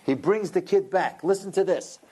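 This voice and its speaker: A man's voice: high-pitched, normal speed, warm tone, husky. A man giving a religious lecture, telling a story dramatically and acting out the people in it. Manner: dramatic storyteller who acts out characters. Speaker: rabbi lecturer.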